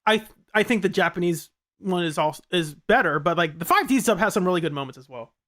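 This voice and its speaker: A woman's voice: fairly low pitch, lively intonation, fairly bright tone. Giggly woman reacting to a game trailer. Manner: rambling, giggly, quick to laugh. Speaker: gaming streamer. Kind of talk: casual reaction commentary.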